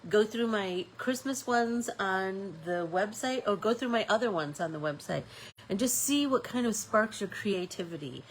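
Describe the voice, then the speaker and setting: A woman's voice: mid-range voice, lively intonation, moderate pace, slight background noise, rough recording. A woman with a stuffy nose hosting a live-stream art class, chatting casually and thinking aloud with fillers as she paints.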